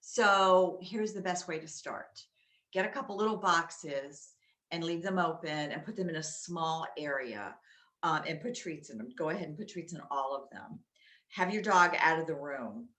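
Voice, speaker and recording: A loud, chatty woman explaining dog training in a ringing, bright voice over a roomy echo. She talks on the low side and sounds forceful, with plenty of ums as she goes. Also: lively intonation, moderate pace. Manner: loud, chatty, with many fillers. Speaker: dog owner teaching at-home dog games. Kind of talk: casual how-to talk. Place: inside a home. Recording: echoey room.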